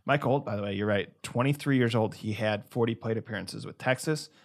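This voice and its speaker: A man hosting a baseball podcast, asking questions in a halting way with many pauses and fillers. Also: on the low side. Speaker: podcast host. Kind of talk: casual sports chat.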